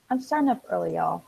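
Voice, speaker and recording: A woman hosting a casual live stream, chatting excitedly with viewers, reading out their comments and filling pauses with ums and restarts. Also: fairly low pitch, vocal fry, husky, low-quality recording. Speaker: livestream host.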